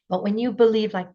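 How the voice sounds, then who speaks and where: A woman with a fairly high voice gives an earnest, encouraging parenting talk. She often slips into quoted voices to make her point. The livestream audio comes through muffled and dull. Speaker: parenting speaker. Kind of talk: conference talk.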